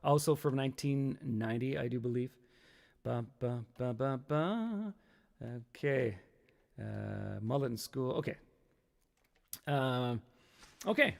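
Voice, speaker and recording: A man's voice: mid-range voice, expressive, normal speed, gravelly. A man in his fifties hosting a casual solo stream, rambling and nostalgic, now and then acting out an old sketch in silly voices. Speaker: podcast host.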